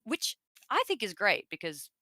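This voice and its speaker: A woman's voice: mid-range voice, huge pitch swings, normal speed, pushed and bright, dry recording. A woman with an Australian accent, a guest in an interview, chatting casually with many fillers and laughs.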